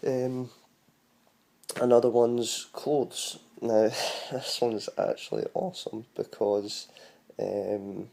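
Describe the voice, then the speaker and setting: Scottish male vlogger, gravelly and dark-toned, rambling casual explainer. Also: mid-range voice, fairly even intonation, slow. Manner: chatty and rambling, spells words out letter by letter. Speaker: vlogger teaching Scottish words.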